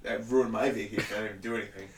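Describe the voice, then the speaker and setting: A man's voice: lowish voice, racing, far from the mic. A man in casual chat, telling a story with lots of swearing and laughter. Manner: animated storyteller, swears often, laughs a lot. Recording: roomy echo, somewhat off-mic, faint room noise.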